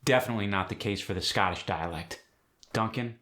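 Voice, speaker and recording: A man hosting a lesson in an upbeat, brisk presenter manner. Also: sits low, pushed and bright. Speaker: host and accent teacher.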